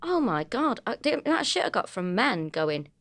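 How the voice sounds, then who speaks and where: A comedian woman with a Manchester accent, co-hosting a podcast and telling lively, sweary stories in casual chat. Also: a little high, moderate pace. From North of England. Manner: sweary, animated storytelling.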